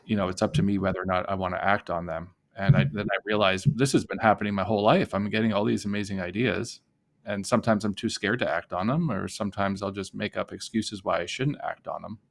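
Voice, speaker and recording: A man hosting a podcast as a life coach, talking in a relaxed, reflective way. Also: lowish voice, fast, vocal fry. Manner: reflective, thinking aloud. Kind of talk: casual podcast conversation.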